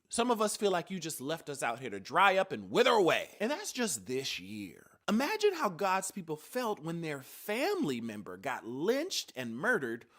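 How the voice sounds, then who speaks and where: A woman delivering a sardonic, theatrical comedic monologue that swings between loud and hushed. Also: fairly low pitch.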